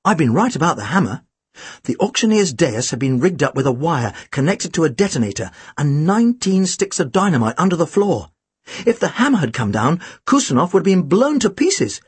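Expressive husky-voiced male storyteller. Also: a little high, dry recording. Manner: expressive, animated reading. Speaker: audiobook narrator. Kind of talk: first-person storybook narration.

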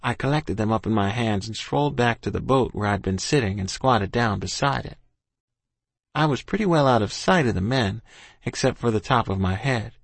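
A man's voice: fairly low pitch, expressive, normal speed, creaky, no echo. A man reading a first-person story aloud as an audiobook, in a folksy, plain-spoken rural dialect. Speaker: audiobook narrator.

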